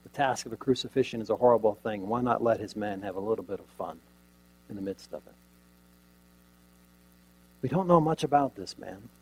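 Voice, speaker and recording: A man preaching a sermon, retelling a scene dramatically with rhetorical questions and sudden shifts from loud emphasis to near quiet. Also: lowish voice, a little fast, pauses often, slightly rough, low-quality recording.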